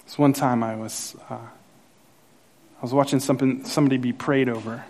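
A man preaching a sermon as pastor, telling a personal story with acted-out quotes and rising excitement. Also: normal speed. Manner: animated storyteller, acts out quotes, grows louder and higher as the story builds.

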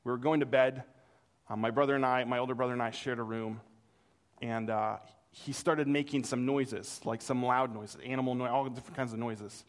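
A middle-aged pastor, preaching a sermon, tells a childhood story with animated delivery and acts out its voices. He speaks briskly at a medium pitch.

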